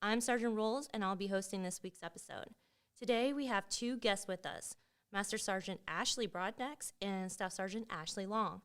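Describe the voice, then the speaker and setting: A woman's voice: medium pitch, moderate pace, smooth. A woman from Mississippi hosting a casual podcast interview in an upbeat, friendly manner. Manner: upbeat and friendly, introducing guests. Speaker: podcast host.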